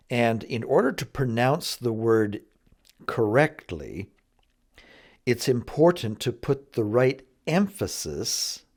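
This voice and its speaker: A man teaching vocabulary in a slow, careful lesson, patiently drawing out each word for learners to repeat. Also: lowish voice, a little mellow. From Canada. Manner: patient, drawn-out word drills. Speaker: English teacher.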